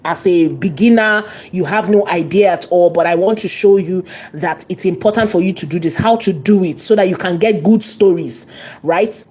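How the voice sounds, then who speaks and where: A woman teaching an online course, repeating and stressing key words and slowing down as she dictates. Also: lowish voice, dark tone. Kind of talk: tutorial lesson.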